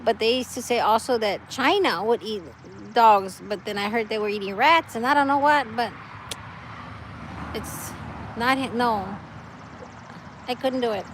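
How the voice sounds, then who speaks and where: A woman's voice: a little high, unhurried, long pauses, slight background noise, rough recording. A woman chatting casually outdoors with her live-stream viewers, laughing often and reading out their comments. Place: outdoors, wind and trees nearby.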